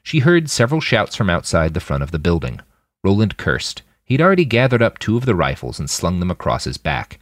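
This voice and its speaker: A man narrating a thriller audiobook in an expressive, dramatic manner. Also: sits low, brisk, dry recording, clean studio sound. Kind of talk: scripted narration.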